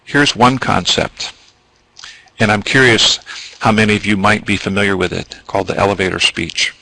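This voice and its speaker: A man's voice: lowish voice, fairly even intonation, normal speed, creaky, sharp tone, dry recording, poor audio. A man presenting a business training webinar, explaining at length with ums and asides.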